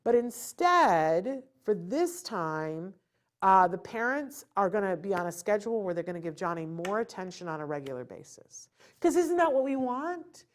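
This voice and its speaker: Animated woman giving parenting advice. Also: medium pitch, moderate pace. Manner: animated, acts out a child's thoughts and parental lectures. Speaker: host. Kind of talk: live webcast talk giving parenting advice.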